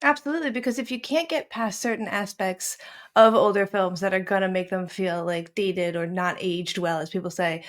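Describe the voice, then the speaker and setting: A woman's voice: medium pitch, moderate pace. A woman from Queens with a Queens New York accent, hosting a film podcast in casual, enthusiastic chat with frequent laughter. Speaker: podcast host. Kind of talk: casual conversation.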